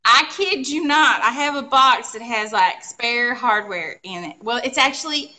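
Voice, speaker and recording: Woman, high-pitched, exclamatory, casual live chat. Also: unhurried. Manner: animated, exclamatory storyteller with sound effects. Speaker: co-host of a live furniture painting show.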